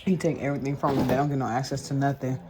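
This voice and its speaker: A woman vlogging casually from her home, retelling her day in an animated, gossipy way. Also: rumbling low, very fast, noisy background. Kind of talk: casual chatty storytelling. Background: smooth jazz and background voices.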